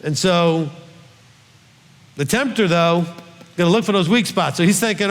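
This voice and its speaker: A man's voice: high voice, normal speed, pauses often. A rabbi giving a conversational Bible teaching, earnest and coaxing, often checking in with his listeners. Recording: long hall reverb.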